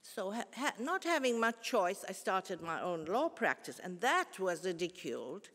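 A woman, giving a formal public lecture in a measured, earnest way with pauses and restarts. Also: mid-range voice, big pitch swings, fairly bright tone. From South Africa. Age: 70s. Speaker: guest lecturer. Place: large concert hall. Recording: long hall reverb.

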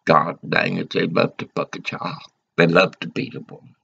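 A man's voice: low voice, flat delivery, normal speed, vocal fry, sharp tone, breathy edge. A man delivering an agitated, rambling, profane rant to the camera. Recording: dull lo-fi recording.

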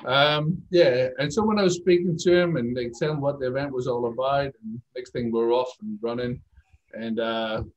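A man's voice: mid-range voice, normal speed, poor audio. Irish guy, middle-aged, rambling through funny stories, laughs a lot. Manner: chatty, laughs between anecdotes, self-deprecating. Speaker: guest, speaker agency owner. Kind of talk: casual interview storytelling.

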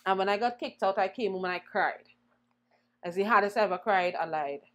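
A young woman singer, a guest in an interview, telling her story in an animated way and acting out the voices she quotes. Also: mid-range voice, a little fast. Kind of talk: conversational storytelling.

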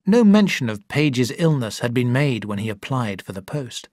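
Slow, clear male story narrator. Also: medium pitch, dry recording, clean studio sound. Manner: clear, deliberate reading.

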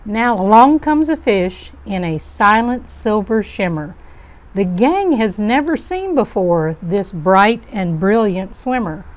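Slow, gentle storybook reader, woman. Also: medium pitch, expressive. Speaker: storybook reader for a youth club. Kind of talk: children's picture-book read-aloud.

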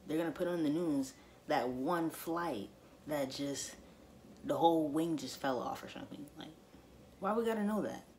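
A woman's voice: low voice, normal speed, darkish tone, a little hiss or hum. A woman vlogger in a casual to-camera monologue, speaking emphatically and repeating her points straight to her viewers.

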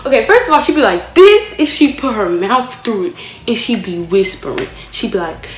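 A woman's voice: medium pitch, moderate pace. A young woman, a dance student, telling funny stories about her teachers and laughing often. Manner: animated, laughing. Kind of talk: casual storytelling with impressions. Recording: echoey room.

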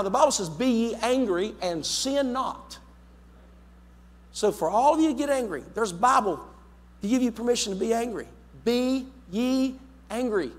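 A man preaching a sermon as pastor, emphatic, repeating his words and swinging between loud and soft. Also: sits high. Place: church sanctuary. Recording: long hall reverb in a church.

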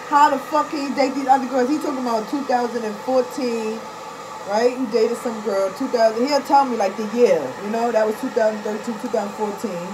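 A woman venting bluntly and profanely to her viewers in casual talk, swinging between muttering and loud outbursts. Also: on the high side, steady tone, brisk, background noise. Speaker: vlogger.

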